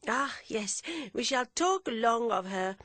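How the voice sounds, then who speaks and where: Modest elderly French nun, voiced by a woman, slow, halting and higher-pitched. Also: animated, a bit bright, no room sound, exaggerated voice. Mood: earnest.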